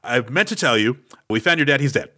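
A male podcast co-host casually recaps an action movie, rambling and restarting his sentences. His mid-range voice is lively, pushed and bright, moving at a fairly quick clip.

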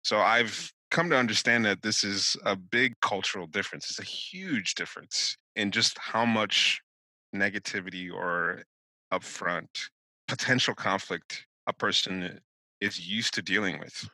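A man talking in a casual discussion, reflective and measured, thinking aloud as he goes. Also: on the low side, bright, forceful tone, dry recording, low-quality recording. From United States.

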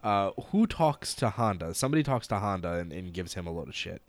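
A man's voice: low-pitched, animated, brisk, no echo. A man co-hosting a casual podcast, jokey and swearing, laughing while he recaps an anime. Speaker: podcast co-host.

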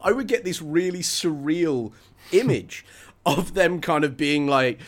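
A man co-hosting a casual book discussion, animated and chatty, often laughing and acting out the characters. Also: fairly high pitch, measured pace, few pauses. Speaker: podcast co-host.

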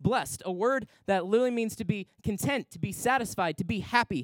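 The young pastor's voice sits high and moves a little fast, with few pauses and no room sound. He's preaching in a large church worship center, animatedly telling stories and acting out their voices as part of his sermon.

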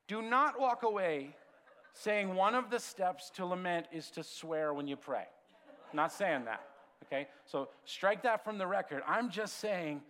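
A man preaching a sermon as pastor, conversational and animated, swinging from lively storytelling to quiet, hushed asides. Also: fairly high pitch. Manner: conversational, animated storytelling with sudden drops to a hush.

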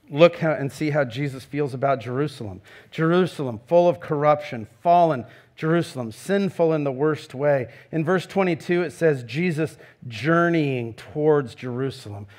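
A man's voice: medium pitch, a little mellow. A middle-aged man preaching a sermon in an earnest way, rising into emphatic questions. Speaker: pastor.

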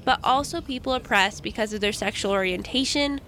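A young woman from the United States narrating a radio feature report in a calm, measured first-person voice. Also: a little high, slight background noise.

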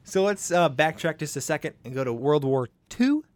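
A man's voice: on the high side, very animated, normal speed, no room sound. Young man casually telling a history story. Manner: conversational, chuckles often, puts on silly voices for quotes.

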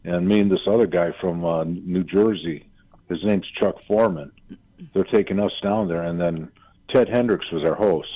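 An older man from Michigan, a former football player, telling lively anecdotes on a radio show and acting out his family's voices. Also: deep voice, normal speed, muffled recording. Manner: animated anecdotes, acts out quoted family voices. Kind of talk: casual storytelling on radio.

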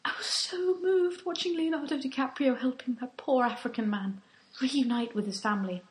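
A woman's voice: sits high, normal speed, echoey room, lightly acted. A woman playing a naive posh young volunteer. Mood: earnest. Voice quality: earnest, gushing.

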